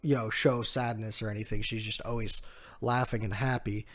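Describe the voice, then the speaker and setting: A man's voice: on the low side, level tone, a bit bright. Chatty man recapping a comic chapter. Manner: chatty, with fillers and restarts, quick laughs. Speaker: podcast co-host. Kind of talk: casual manga chapter recap.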